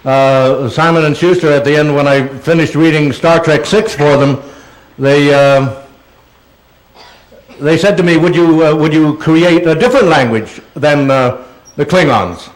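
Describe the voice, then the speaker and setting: Over poor audio, an older man with a fairly high voice takes questions from an auditorium audience at an unhurried pace. As a guest, he's rambling and playful, with a theatrical flair.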